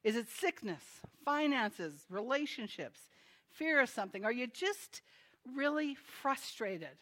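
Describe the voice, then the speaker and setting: A woman's voice: a little high, big pitch swings, unhurried, a bit bright. A woman preaching a sermon in a chatty manner, laughing between her remarks. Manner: chatty, laughs often, tells jokes. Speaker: pastor.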